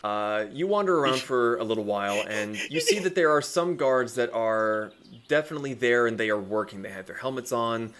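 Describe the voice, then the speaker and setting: A man narrating as game master, casual and profane, with many pauses and fillers. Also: lowish voice, fairly bright tone, smooth.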